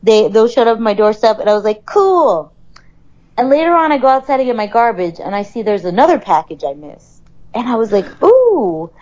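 A woman's voice: a little high, fast talker, a little mellow, muffled recording. A woman co-hosting a podcast, telling a story in casual chat with an exasperated, profane manner. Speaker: podcast co-host.

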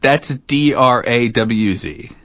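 A man's voice: medium pitch, slow, a bit bright, dry recording. A man co-hosting a podcast, chatting casually and joking as he rambles. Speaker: podcast co-host.

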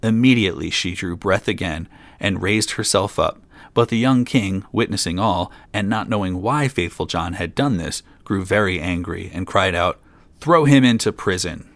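A man's voice: deep voice, moderate pace, a bit bright, dry recording. A man reading an old fairy tale aloud, with dry asides of his own. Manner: reads plainly, drops in dry asides. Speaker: storyteller.

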